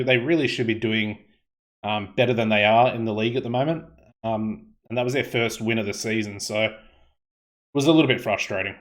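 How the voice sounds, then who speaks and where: A man with an Australian accent casually commentating his football management game, rambling with many fillers and restarts. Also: medium pitch.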